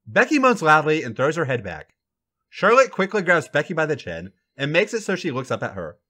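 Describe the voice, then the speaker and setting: Lively man reading a story aloud. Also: on the high side, a little fast. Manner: animated, swooping delivery. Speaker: podcast host reading fan fiction.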